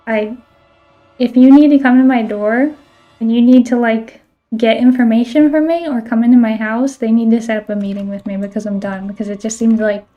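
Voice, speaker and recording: A woman's voice: fairly high pitch, mellow, lo-fi sound. A woman streaming a game and chatting casually, filling her talk with "like" and the odd swear word. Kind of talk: casual chat while playing a game.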